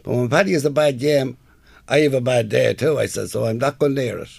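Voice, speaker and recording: Gravelly older man recalling. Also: mid-range voice, a little fast, no echo, studio quality. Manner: plain-spoken, earnest recollection. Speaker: former footballer, guest. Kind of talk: interview storytelling.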